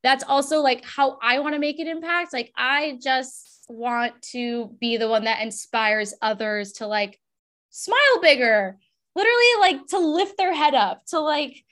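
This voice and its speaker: Bubbly high-voiced woman podcast host. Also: a little slow, a bit bright. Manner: bubbly, chatty, heavy use of "like". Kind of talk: casual podcast conversation.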